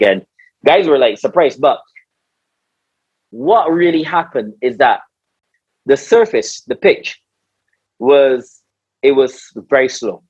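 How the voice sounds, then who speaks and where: Slow, husky, and mid-range, with long pauses, a Barbadian former cricketer recounts stories in a casual interview. He's animated nonetheless, repeating words, acting out people's quotes, and using "bro". The podcast audio is dry, slightly dull, and has no echo.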